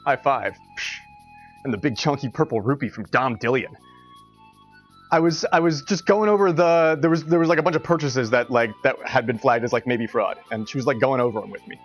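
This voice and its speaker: A man's voice: medium pitch, a little fast, soft background music. Rambling, laughing male streamer. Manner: rambling, laughs often, many restarts. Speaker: live streamer. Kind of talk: casual storytelling on a livestream.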